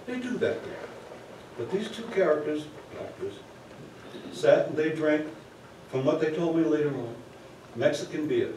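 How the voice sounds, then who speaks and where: A man's voice: fairly high pitch, lively intonation, unhurried, long pauses, a little mellow, a little hiss or hum. A man telling a story live on a theater stage, chatting with the audience through asides. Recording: echoey theater from far off.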